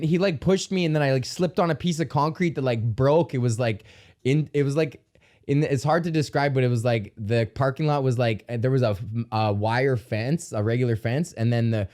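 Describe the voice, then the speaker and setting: A man's voice: mid-range voice, a little mellow. A young man from Alberta, Canada, hosting a podcast, telling stories in a profane, rambling comedic rant with yelps acting out pain. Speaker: podcast host.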